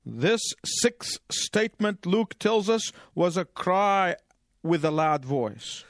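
A man preaching a sermon in measured, emphatic phrases, pausing for his interpreter. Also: high voice, lively intonation, dry recording, studio quality.

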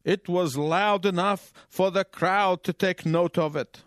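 A man preaching a sermon in measured, emphatic phrases, pausing for his interpreter. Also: high voice, steady tone, no echo, studio quality.

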